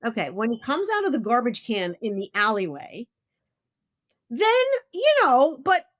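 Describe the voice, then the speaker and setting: A blunt, emphatic middle-aged woman hosts a casual podcast interview. Her voice sits a little high and leaps around expressively as she makes her points. It's recorded close and dry, with no room sound. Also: huge pitch swings, unhurried, no echo. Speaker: podcast host.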